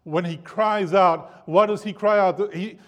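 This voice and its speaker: A man preaching a sermon to a congregation, animated and emphatic, his loudness rising and falling. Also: sits high, unhurried. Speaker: pastor.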